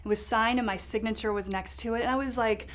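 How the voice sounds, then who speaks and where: An actress playing a ditzy, self-absorbed lifestyle correspondent in a comedy sketch, rambling through a story with lots of fillers. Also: female voice, on the high side, steady tone, fast talker, fairly bright tone, close to an everyday voice. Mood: chatty. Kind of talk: improvised comedy sketch monologue.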